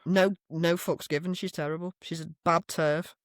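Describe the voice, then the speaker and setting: A woman's voice: on the low side, fairly even intonation, normal speed, no room sound, clean studio sound. A woman co-hosting a casual political podcast, blunt and scornful. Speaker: podcast co-host.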